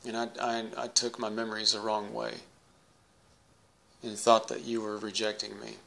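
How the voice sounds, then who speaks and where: A man's voice: fairly low pitch, completely flat delivery, normal speed, vocal fry, fairly bright tone. A man earnestly addressing his late mother during an EVP recording, apologizing and pleading for a response. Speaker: paranormal investigator.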